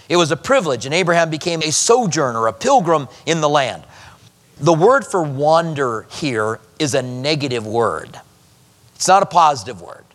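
A male pastor reads scripture aloud and explains it to his congregation in a relaxed, conversational teaching manner. His voice sits a touch higher than most men's. The sound trails into the long reverb of a large hall. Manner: teaching verse by verse, conversational asides. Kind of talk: expository sermon.

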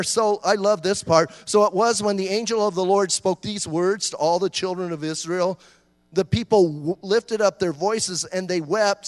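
Animated high-voiced male preacher. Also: no echo, long reverb tail. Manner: animated, conversational preaching with jokes and acted-out voices. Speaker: pastor. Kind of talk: sermon.

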